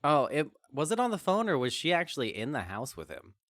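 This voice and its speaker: Relaxed chuckling man. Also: fairly high pitch, brisk, no room sound, studio quality. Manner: relaxed, chuckling anecdote-telling. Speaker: friend. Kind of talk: casual chat.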